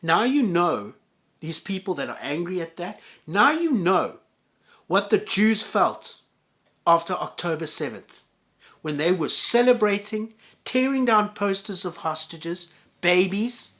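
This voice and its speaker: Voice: medium pitch, expressive, a little slow, fairly bright tone. A vlogger delivering an angry, profane solo rant to viewers, with heated stammering restarts.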